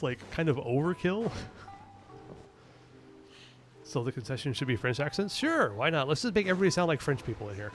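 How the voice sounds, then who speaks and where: A man streaming a video game, chatting casually, rambling and thinking out loud as he answers his chat. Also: fairly high pitch, very animated, a little fast, pauses often, faint music behind. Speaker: gaming streamer. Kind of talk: casual gaming commentary.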